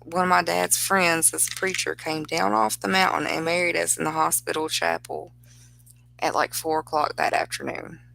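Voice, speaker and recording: A woman's voice: low voice, steady tone, moderate pace, gravelly, sharp tone, rough recording. A middle-aged woman, chatting casually and rambling through a personal story while she crafts. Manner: chatty, rambling anecdote with laughs. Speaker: crafting vlogger.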